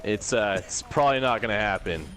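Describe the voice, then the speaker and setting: A man from Canada commentating a live online game tournament with excited, filler-heavy play-by-play. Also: on the low side, fairly quick, a little hiss or hum. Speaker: esports co-commentator.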